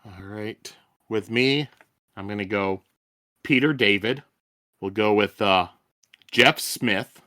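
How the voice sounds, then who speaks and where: A man's voice: fairly low pitch, slow pace, long pauses, bright, forceful tone. A man hosting a podcast, teasing his co-hosts in casual chat. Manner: teasing, playful. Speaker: podcast host.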